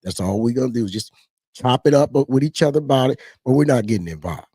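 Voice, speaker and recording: A man gives casual political commentary, rambling and animated. His voice is husky and mellow. The sound is dry and close. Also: medium pitch, fast, no echo. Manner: animated, rambling, mocks others in put-on voices.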